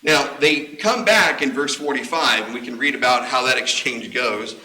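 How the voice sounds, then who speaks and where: A man's voice: mid-range voice, normal speed, sharp tone, a little hiss or hum. A man preaching a sermon, explaining scripture in a conversational way with casual asides. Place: church auditorium. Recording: echoey church room.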